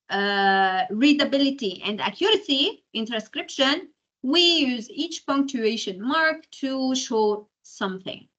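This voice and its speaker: Bright-voiced lecturer. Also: female voice, sits high, lo-fi sound. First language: Arabic. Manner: explanatory, keeps checking in with "okay?". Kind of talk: university lecture.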